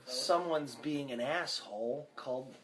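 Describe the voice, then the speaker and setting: A man's voice: medium pitch, unhurried, slight background noise, rough recording. A man co-hosting a podcast in casual chat, joking and plugging his shows like a salesman. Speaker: podcast co-host, wrestler. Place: hotel room.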